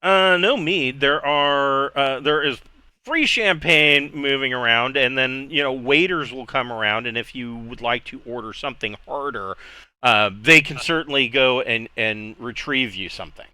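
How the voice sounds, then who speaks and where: A man's voice: mid-range voice, normal speed, bright, forceful tone, smooth, dry recording. A man narrating as game master in a casual, rambling way, full of restarts. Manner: casual, many fillers and restarts, laughs easily.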